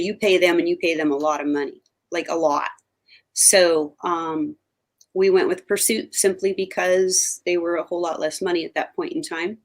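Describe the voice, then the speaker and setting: Older woman, TV hunting co-host, low-ish pitch, emphatic and chatty. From Oregon. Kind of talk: casual interview talk.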